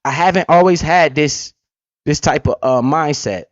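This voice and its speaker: A blunt, streetwise man hosting a profane, casual money-talk livestream, with big swings in pitch as he talks. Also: moderate pace, dry recording, dull audio. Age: adult parent. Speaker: livestream host.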